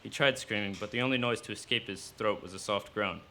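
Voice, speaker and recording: A man reading his own fiction aloud at a live cafe event, in steady storytelling narration. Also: on the low side, brisk, slight background noise.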